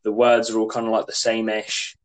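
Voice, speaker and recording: A man's voice: on the low side, monotone, a little fast, rough recording. A young man, chatting as a podcast guest, rambling and hesitant with lots of "like". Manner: rambling and hesitant, heavy use of "like". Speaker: podcast guest, skater and drummer. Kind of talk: casual chat.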